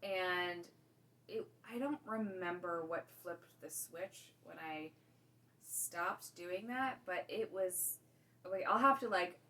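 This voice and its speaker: A woman's voice: lowish voice, slow pace, sharp tone, distant mic, rough recording. A woman co-hosting a podcast, talking casually and rambling with lots of fillers. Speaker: podcast co-host. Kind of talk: casual chat.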